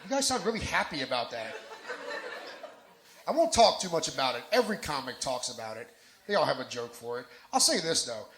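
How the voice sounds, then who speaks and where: A man's voice: medium pitch, sing-song, fairly quick. A man from New Jersey doing a live stand-up set on a bar lounge stage, brash and profane, working the crowd into his punchlines. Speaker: stand-up comedian. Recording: roomy bar with crowd noise.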